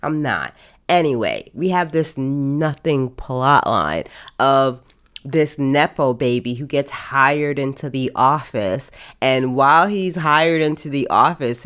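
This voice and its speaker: A woman hosting a casual podcast, giving an exasperated, emphatic rant with lots of repetition. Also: a bass voice. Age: adult. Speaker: podcast host.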